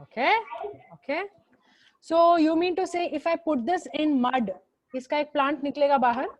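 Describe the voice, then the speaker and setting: Indian lady teaching a class on a video call, fairly high voice, says everything twice. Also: fairly even intonation, normal speed, slight background noise. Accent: Indian English. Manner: repeats instructions, switches into Hindi, scolds students by name. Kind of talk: online class instruction.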